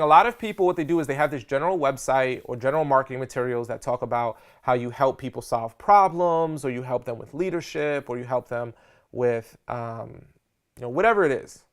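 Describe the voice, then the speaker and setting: A man teaching a live seminar on public speaking, energetic and slangy, often checking in with his audience. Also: on the high side. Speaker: speaker coach.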